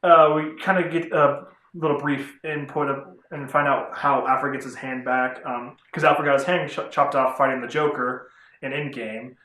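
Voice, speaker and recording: A man's voice: medium pitch, fairly even intonation, normal speed, bright, forceful tone. A man rambling through a casual vlog review of comic books, chatty and often correcting himself. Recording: roomy echo.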